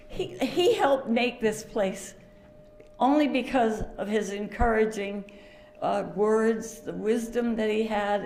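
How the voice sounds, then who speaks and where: An older woman giving an emotional memorial speech, halting, with fillers and laughter through tears. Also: mid-range voice, a little mellow, reverberant, a little hiss or hum. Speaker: family friend giving a eulogy.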